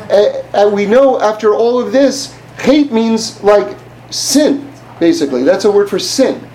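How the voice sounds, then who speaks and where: A man's voice: high-pitched, expressive, a little slow, mellow, slight background noise, low-quality recording. A man giving an informal religious class in a conversational way, often asking the listener rhetorical questions. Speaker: Torah teacher.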